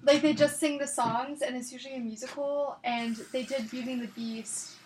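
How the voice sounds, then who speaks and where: A woman's voice: high-pitched, steady tone, moderate pace, a little mellow, a little hiss or hum, poor audio. A woman co-hosting a casual podcast, bubbly and gushing, laughing often. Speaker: podcast co-host. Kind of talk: casual chat.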